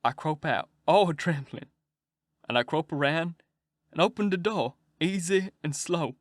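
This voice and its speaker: Man putting on a sorrowful country dad, slow drawl, dry booth, nothing behind. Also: a little high, lively intonation, no echo. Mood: agitated. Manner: slow rural dialect, heartfelt storytelling. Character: grieving adult man, a plain-spoken father.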